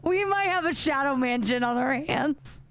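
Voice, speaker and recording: A woman livestreaming a horror game in a casual, animated way, her voice sitting on the higher side. She rambles, restarts her sentences and corrects herself as she talks straight to her viewers. She swears freely and keeps an easy, loose chat going the whole time. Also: normal speed. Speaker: streamer. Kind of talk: casual live-stream commentary while playing a horror game.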